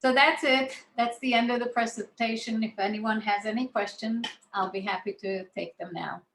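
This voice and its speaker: Woman born in Israel, guest speaker, relaxed anecdotal storytelling, roomy echo. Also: on the high side, normal speed, noisy background. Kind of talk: personal storytelling talk.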